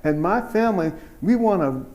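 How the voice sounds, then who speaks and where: Generous, enthusiastic male friend, voiced by the storyteller; a bit higher and louder than the narration. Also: expressive, moderate pace. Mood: eager. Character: eager, generous male friend offering a powwow.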